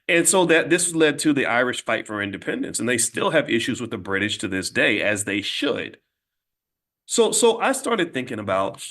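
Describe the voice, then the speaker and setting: A man's voice: medium pitch, fairly bright tone. A man hosting his own channel, telling stories in a blunt, emphatic, conversational way and often restarting his sentences. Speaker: host. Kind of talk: casual monologue storytelling.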